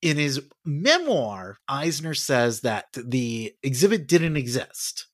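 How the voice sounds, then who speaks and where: A man's voice: medium pitch, big pitch swings, slow pace, dry recording. Conversational male podcast host, dry sound. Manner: conversational, many fillers and restarts. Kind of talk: casual podcast chat.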